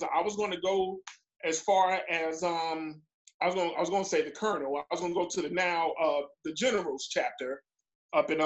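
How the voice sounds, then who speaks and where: A man talking casually on a panel about young men he mentors, relaxed and chatty with small hesitations. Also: a little high, lo-fi sound. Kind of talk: casual conversation.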